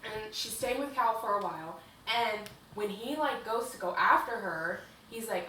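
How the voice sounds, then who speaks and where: Bright, gushing young woman podcaster. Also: medium pitch, lively intonation, moderate pace, hardly any pauses, far from the mic. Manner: gushing, profane, filler-heavy retelling. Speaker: podcast co-host. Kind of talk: casual book recap chat. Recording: echoey room, away from mic, faint hiss.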